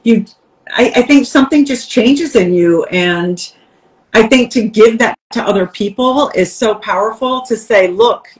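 A woman's voice: fairly high pitch, a little slow, rough recording. A woman, a podcast guest and coach, candidly telling stories in conversation and acting out the voices she quotes. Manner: lively, acts out quoted voices, laughs while telling.

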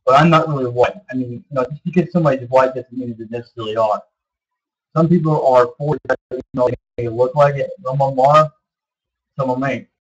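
Vlogger, male, early 30s, husky voice, meandering delivery, dull lo-fi recording. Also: medium pitch, brisk. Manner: meandering, repeats himself, many fillers. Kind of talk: rambling casual monologue.

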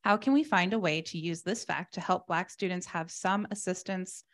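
A woman in the audience reading out a question softly and hesitantly. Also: lowish voice, moderate pace. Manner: soft, hesitant, with fillers.

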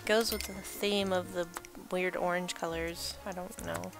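A woman's voice: lowish voice, fairly even intonation, a little slow, gravelly, over music. A young woman giving casual, rambling let's-play commentary while she builds, chatting and laughing at herself. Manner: chatty, rambling, self-deprecating, laughs often.

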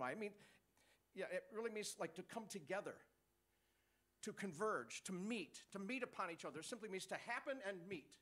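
Male preacher, high voice, animated sermon with call-and-response.

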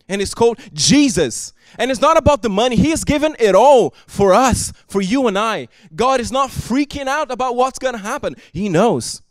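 Guy preaching, high voice, dry close sound, gets loud and emphatic. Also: expressive, moderate pace, few pauses, no echo. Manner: earnest, swings from soft to loud and emphatic. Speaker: pastor. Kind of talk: sermon. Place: church service.

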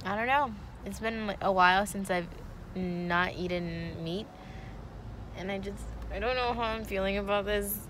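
A woman's voice: mid-range voice, normal speed, background noise. A woman vlogging in a casual, giggly way, rambling with lots of "like". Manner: giggly, rambling, says "like" a lot. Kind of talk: casual vlog chat.

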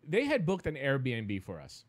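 A man with a Greek accent, co-hosting a show and telling a travel story in a lively, laughing way. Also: mid-range voice, measured pace. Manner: animated, laughs often. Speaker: co-host. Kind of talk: casual storytelling chat. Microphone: desk mic set a little far back.

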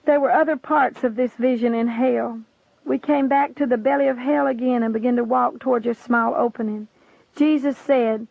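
Woman reading a religious story out loud, earnest, gravelly, dry tinny phone sound. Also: on the high side, steady tone, moderate pace, no room sound. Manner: earnest, dramatic narration. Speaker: reader. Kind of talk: reading a religious testimony aloud.

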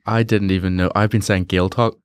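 A man's voice: low voice, steady tone, brisk, clean tone, no room sound. A man hosting a podcast interview, jokey and self-mocking in casual chat. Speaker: podcast host.

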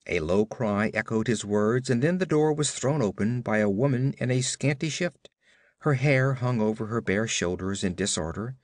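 A man giving expressive, dramatic audiobook narration of a pulp adventure. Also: mid-range voice, no room sound, clean studio sound.

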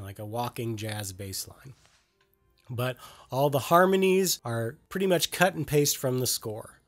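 A man talking through a music lesson in a relaxed, conversational way, explaining ideas step by step. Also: fairly high pitch. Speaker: music educator.

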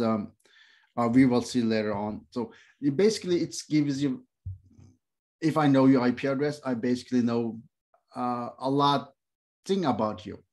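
A middle-aged man whose first language is Uyghur, teaching a classroom lecture in halting speech with many fillers and restarts. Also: medium pitch, darkish tone. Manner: non-native phrasing. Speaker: instructor.

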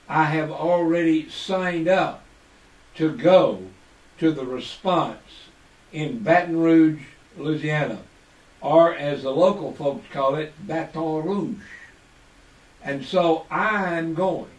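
A man hosting a talk show, preaching to listeners in slow, emphatic phrases and dropping to quiet asides when he is unsure. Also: a little high, roomy sound, far from the mic, poor audio. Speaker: radio talk show host.

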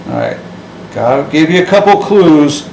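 Man, teacher, classroom lesson, slightly high voice, echoey room, faint background hum. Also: wildly swooping pitch, vocal fry, a little mellow. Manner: playful, drawn-out vowel demonstrations. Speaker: Latin teacher.

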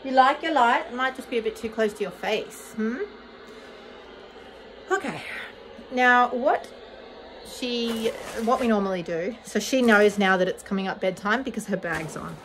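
A woman's voice: fairly high pitch, moderate pace, fairly bright tone, slight background noise, poor audio. A young woman chatting casually in a vlog while tending her baby, often slipping into coaxing sing-song talk to the infant, recorded on a phone in a bedroom. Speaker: vlogger, mother of a baby. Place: baby's bedroom, indoors. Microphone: phone camera held by hand.

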